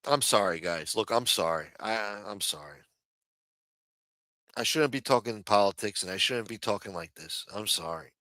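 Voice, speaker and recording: A man's voice: fairly low pitch, expressive, moderate pace, bright, forceful tone, dry recording. A man hosting a livestream, delivering a heated, profane rant with lots of repetition. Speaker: livestream host. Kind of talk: profane political rant on a stream.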